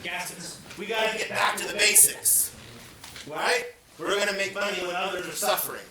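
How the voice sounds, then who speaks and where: A man's voice: high-pitched, normal speed, sharp tone, slight background noise. A man leading a team meeting in front of a large audience, joking around and firing questions at the room. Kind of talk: lively team meeting talk. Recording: echoey room, speaker far from mic, crowd sounds.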